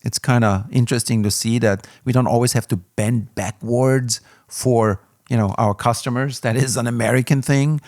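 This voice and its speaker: Gravelly man rambling through a gear review. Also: mid-range voice, steady tone, moderate pace, hardly any pauses, a little mellow, no room sound, clean studio sound. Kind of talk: casual review talk.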